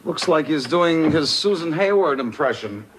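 A man acting a wry sitcom father in a 1980s show, with dry, deadpan quips. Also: on the high side, moderate pace, close to an everyday voice. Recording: noisy TV audio.

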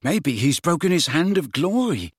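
A man's voice: on the high side, sing-song, moderate pace, breathy edge, no echo, studio quality, voice pushed up, exaggerated voice. A man voicing a vague, disbelieving teenage boy who scoffs at a friend's idea. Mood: incredulous. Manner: incredulous, mocking.

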